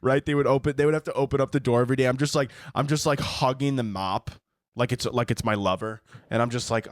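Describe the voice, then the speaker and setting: A man's voice: mid-range voice, steady tone, fast, dry recording, studio quality. A man hosting a podcast, telling a rambling comedic story with swearing and frequent laughter. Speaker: podcast host. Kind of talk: comedic monologue.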